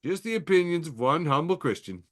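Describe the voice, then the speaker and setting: A man's voice: on the high side, animated, a little fast. A man hosting a podcast, reading memes aloud with wry, chuckling asides in a loose, conversational way. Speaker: podcast host.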